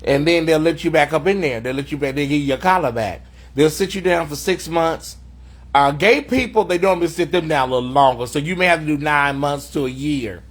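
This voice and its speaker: A man with a somewhat high voice hosts an off-the-cuff livestream from a hotel room. He talks in a sassy, mocking way and calls people honey. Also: brisk. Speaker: host of a livestream commentary show. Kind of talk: unscripted livestream commentary.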